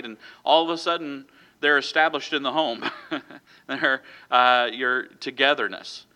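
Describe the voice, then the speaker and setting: A man's voice: medium pitch, moderate pace, bright, forceful tone. A man preaching a sermon in a conversational way, with frequent fillers and self-corrections. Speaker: pastor.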